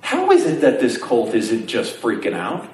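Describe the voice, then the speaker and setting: A man preaching a sermon, telling the story with animated energy and asking his congregation questions. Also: mid-range voice, moderate pace. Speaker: pastor. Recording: roomy sound from some distance, faint ambience.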